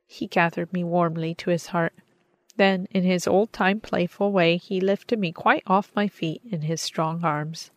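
A woman reads an audiobook in a measured, gentle way. Her voice sits on the low side for a woman. The recording is close and very dry, with no room sound. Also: fairly even intonation, no echo. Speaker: audiobook narrator. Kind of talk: audiobook reading.

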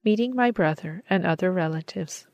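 A woman narrating an audiobook in a measured, gentle manner. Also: fairly low pitch, no room sound. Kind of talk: audiobook reading.

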